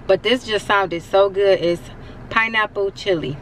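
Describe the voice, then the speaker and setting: A woman's voice: mid-range voice, measured pace, a bit bright, slight background noise. A young woman talking casually to her viewers in a vlog, chatty and always calling them y'all. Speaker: vlogger. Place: in her car, later at home. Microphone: handheld camera mic.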